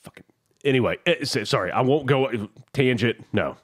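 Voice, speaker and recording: A man co-hosting a podcast, telling a story in a casual, profane, animated way. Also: mid-range voice, normal speed, breathy edge. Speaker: podcast co-host. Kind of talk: casual chat.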